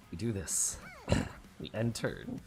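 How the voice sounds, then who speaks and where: A man with a fairly low, sing-song, darkish voice speaks extremely slowly while giving casual let's-play commentary on a card game. He swears often and laughs in frustration at his own mistakes.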